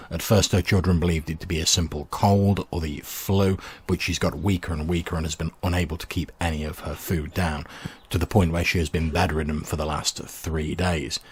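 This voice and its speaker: A man's voice: low-pitched, slightly rough. A man giving a scripted narration recapping events of a tabletop game. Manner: even, storytelling recap.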